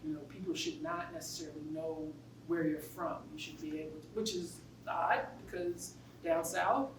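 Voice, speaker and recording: A middle-aged woman with a New York accent, a guest speaker chatting casually in a classroom with animated storytelling. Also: low-pitched, moderate pace, slight background noise. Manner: animated storytelling, laughs often. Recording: roomy classroom from a distance.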